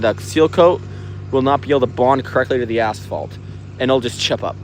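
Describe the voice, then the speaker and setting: A man's voice: mid-range voice, slight background noise. Laid-back young man livestreaming outdoors. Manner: laid-back, slangy, reads comments aloud. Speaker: livestream host reading chat. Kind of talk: casual livestream chat. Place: outdoors at night on a work site.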